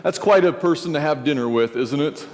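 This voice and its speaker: A male pastor preaching a sermon, telling a story and acting out its scenes. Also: fairly quick. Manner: storytelling, acts out scenes, lively shifts in pitch. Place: church sanctuary. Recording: long church reverb, faint noise.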